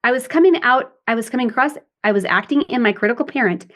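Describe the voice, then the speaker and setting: A woman's voice: a little high, quick pace, fairly bright tone. A middle-aged woman and parent coach explaining things in a podcast interview, often acting out example dialogues.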